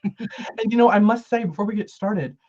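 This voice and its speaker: A man's voice: high voice, moderate pace, darkish tone, lo-fi sound. A man hosting an interview show, talking in a bubbly, giggly, effusive way. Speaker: host. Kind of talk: casual interview chat.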